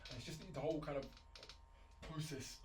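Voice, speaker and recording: A man's voice: mid-range voice, fairly even intonation, echoey room, distant mic, background noise. A young man, a podcast guest, talking in a rambling way full of fillers. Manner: quick, rambling, lots of fillers. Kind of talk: casual interview talk.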